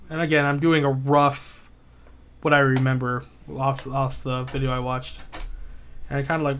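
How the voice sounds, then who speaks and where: A man's voice: mid-range voice, level tone, brisk, fairly bright tone, a little hiss or hum. A man casually retelling a spooky story, rambling with lots of filler words and swearing. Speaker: podcast co-host.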